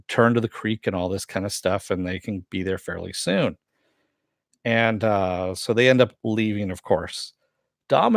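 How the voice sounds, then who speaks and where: A man's voice: no echo, studio quality. A man casually recapping a TV episode and answering chat, rambling with many fillers. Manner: acts out quoted lines with raised pitch. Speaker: show recap host.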